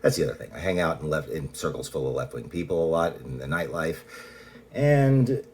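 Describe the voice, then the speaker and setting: A man with an extremely deep, low-pitched voice speaks in a loose personal monologue. He rambles and restarts his sentences, swearing bluntly as he goes. A faint background hiss sits under the voice. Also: animated, brisk. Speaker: vlogger.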